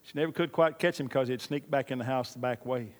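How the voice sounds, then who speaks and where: A man's voice: medium pitch, fast talker. A man preaching a sermon as pastor, emphatic and repeating his key lines, with folksy storytelling. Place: church. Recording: long reverb of a large hall.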